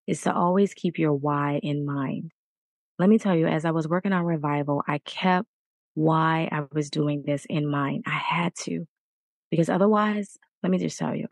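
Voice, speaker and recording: A woman with a low, deep voice gives an earnest, encouraging talk on a faith podcast. She repeats her points again and again as she urges the listener on. The sound is dry and close, with no room echo. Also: gravelly. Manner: earnest, repetitive exhortation. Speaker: podcast host.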